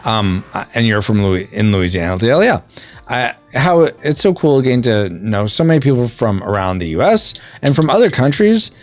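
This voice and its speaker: Guy hosting a retro game stream, lively up and down voice, faint game music behind. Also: medium pitch, normal speed, dry recording. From California and Colorado. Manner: chatty, reads chat messages aloud. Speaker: podcast host. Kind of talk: casual chat while playing a video game.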